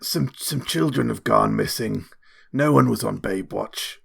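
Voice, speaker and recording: Low slow gravelly guy rambling in character, bright edge, husky. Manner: rambling, jokey, stumbles into laughter. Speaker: player. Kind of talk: tabletop role-play, in character.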